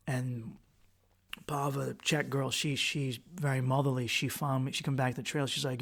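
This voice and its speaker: A man's voice: mid-range voice, flat delivery, normal speed, creaky, fairly bright tone. A man hosting a podcast, retelling a harrowing personal experience in a raw, profane, intense way with frequent restarts. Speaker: podcast host. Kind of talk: personal storytelling monologue.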